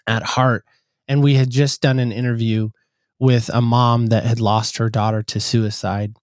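A man's voice: mid-range voice, darkish tone, dry recording. Earnest man telling a story, dry close sound. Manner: earnest, acts out quoted voices. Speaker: podcast host, guest. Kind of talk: conversational storytelling.

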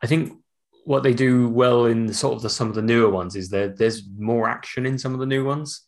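A man's voice: mid-range voice, fairly even intonation, fairly quick. A man co-hosting a casual podcast chat, laid-back and full of "like" fillers. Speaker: podcast co-host.

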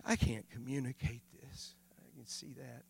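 A male missionary preaching a sermon, swinging from loud shouts to hushed, quiet passages. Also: mid-range voice, steady tone, moderate pace, vocal fry, big-room sound, slight background noise.

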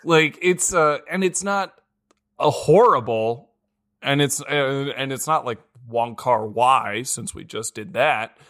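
A man's voice: mid-range voice, slow, fairly bright tone. A man co-hosting a casual movie review podcast, rambling with restarts and chuckles. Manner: rambling, with many restarts and laughs. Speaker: podcast co-host.

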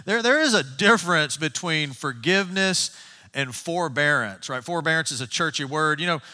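A man preaching a sermon as pastor, conversational and animated, telling stories with frequent restarts. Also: a little high, normal speed. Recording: long hall reverb.

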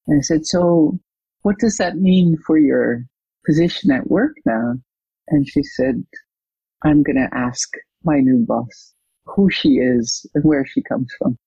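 A coach and trainer, a guest in an interview, who tells a client story with lively retelling and acts out the quoted dialogue. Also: mid-range voice, a little slow, vocal fry, breathy edge, no room sound, highs cut off.

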